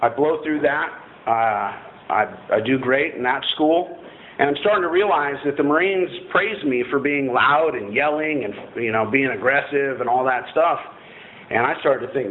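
A man's voice: mid-range voice, animated, moderate pace. A man telling a personal story to an audience in a blunt, self-mocking and profane way. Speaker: former Marine telling his story. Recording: tinny phone-like line, faint noise.

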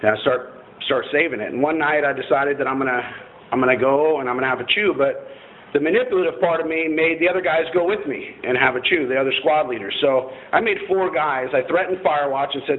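A former Marine with a fairly high-pitched voice speaks fast, telling an audience his personal story in a blunt, self-mocking, profane way. The sound comes through a tinny, phone-like line with faint noise.

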